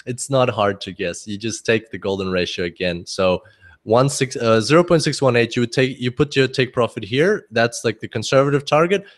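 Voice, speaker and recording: A man's voice: mid-range voice, normal speed. A man teaching a trading webinar off the cuff, chatty, thinking aloud and laughing often. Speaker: forex trading instructor.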